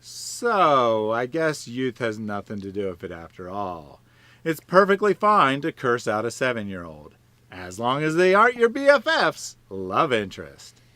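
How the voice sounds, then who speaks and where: A man's voice: medium pitch, very animated, unhurried, sharp tone, no echo. A man co-hosts a talk show, making dry, ironic points about the clips under discussion. His mid-range voice moves up and down with animation. The sound is close and dry. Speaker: show co-host. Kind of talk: casual commentary on clips.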